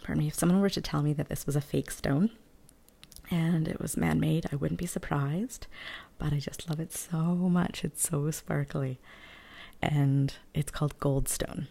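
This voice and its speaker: A woman speaking softly and often in a whisper in a gentle ASMR show-and-tell, close to the mic, thinking aloud with hesitant fillers. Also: deep voice, fairly even intonation, creaky. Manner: whispered and hushed, slow and gentle. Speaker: vlogger.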